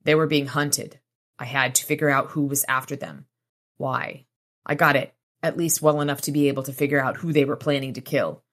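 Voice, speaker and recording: A woman voicing a young male vampire from a novel in a quiet, flat, slightly lowered voice while reading aloud. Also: fairly quick. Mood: guarded.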